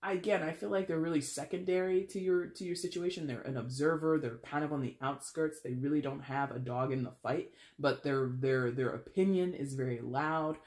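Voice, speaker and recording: A man's voice: a little high, normal speed, hardly any pauses, darkish tone. Chatty man in an echoey room. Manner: chatty, filler-heavy, wry and blunt. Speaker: tarot reader. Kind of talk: casual tarot reading monologue. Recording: roomy echo.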